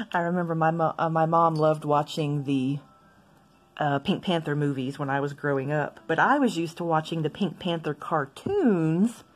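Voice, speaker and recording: A woman chatting casually as she swatches inks for her video, rambling into asides and gently poking fun at herself. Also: low-pitched. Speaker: stationery vlogger.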